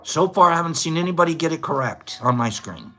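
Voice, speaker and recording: A lively, bright-voiced man hosts a casual livestream, running a trivia contest and bantering with his viewers. His slightly high voice swings up and down as he jokes and laughs at his own punchlines, with faint music playing behind him. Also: quick pace.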